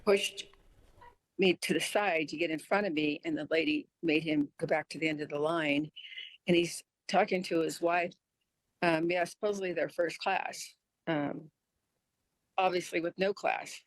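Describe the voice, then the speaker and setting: A woman giving her side of an incident in an interview, halting and indignant. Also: low-pitched, fairly even intonation, no room sound, rough recording.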